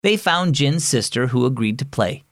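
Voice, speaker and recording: Male narrator for a kids' devotional, lively and clear, dry studio read. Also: mid-range voice, moderate pace, no echo. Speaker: host and story narrator. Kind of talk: scripted narration for a children's devotional.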